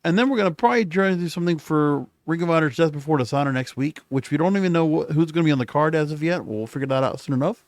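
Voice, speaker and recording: A man's voice: fairly high pitch, very fast, few pauses, no room sound, clean studio sound. A man hosting a solo podcast, recapping in a casual, rambling way with frequent self-corrections, recording late at night. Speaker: podcast host.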